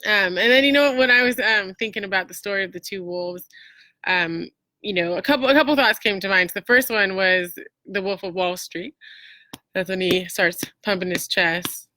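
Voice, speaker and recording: A woman's voice: mid-range voice, moderate pace, bright, forceful tone, no room sound. A woman hosting a casual motivational talk, chatty and full of fillers and restarts. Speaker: host.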